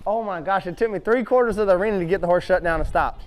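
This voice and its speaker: A middle-aged horse trainer with a notably high voice tells vivid stories, acting out his own reactions. He coaches a student through groundwork in an arena in the same animated way. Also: very fast. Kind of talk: storytelling and hands-on riding instruction.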